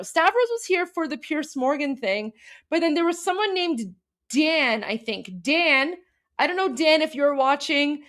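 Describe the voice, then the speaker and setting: A woman's voice: high-pitched, fairly bright tone. A young woman hosting a political livestream, talking casually and emotionally to her viewers with many fillers and restarts.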